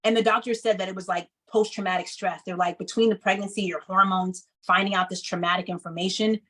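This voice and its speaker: Animated woman telling her life story. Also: medium pitch, quick pace, rough recording. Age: 30s. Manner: animated storytelling, acting out quoted people. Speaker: speaker. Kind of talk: personal story told to an audience.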